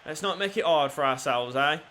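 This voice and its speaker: Young gaming host, high sharp voice, shouts goals and curses at the ref. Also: male voice, brisk, slight background noise. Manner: excitable, shouts at goals, swears at the referee. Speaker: gaming YouTuber. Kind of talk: commentating his own football game.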